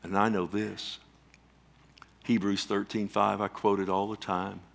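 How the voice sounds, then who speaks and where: A man preaching a sermon, emphatic, calling out questions to the congregation and swinging between loud swells and quiet drops. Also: on the low side, little pitch movement, measured pace, creaky. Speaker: pastor.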